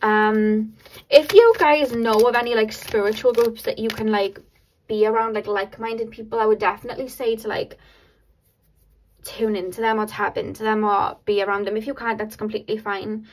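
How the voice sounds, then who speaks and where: A woman giving a casual pick-a-card tarot reading to her viewers, excitable and laughing often between many filler words. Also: a little high, moderate pace, rough recording.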